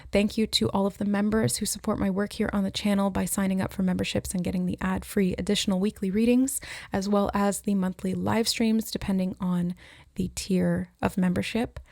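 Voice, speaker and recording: Woman doing a tarot reading, flat calm delivery, kinda musing as she goes. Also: mid-range voice, dry recording, studio quality. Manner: musing, relays messages as she hears them. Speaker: tarot reader. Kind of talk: intuitive card reading to camera.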